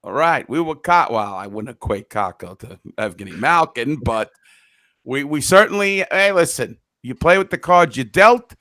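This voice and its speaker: A man's voice: medium pitch, expressive, moderate pace, pushed and bright, dry recording, clean studio sound. A man co-hosting a sports podcast in casual chat, teasing his co-host with blunt, wisecracking remarks.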